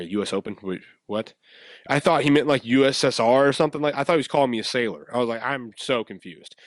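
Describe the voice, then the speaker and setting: Young male podcast host, middle pitch, dry close mic, rambling casual storyteller who acts out quotes. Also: no room sound. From West Coast of the USA.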